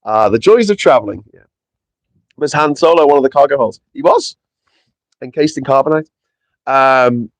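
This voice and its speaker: A man's voice: mid-range voice, no room sound. A man hosting a casual live stream outdoors in the wind, chatty and sweary, reading viewers' comments aloud and short on sleep after a night of travel. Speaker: livestream host. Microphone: small clip-on mic with foam.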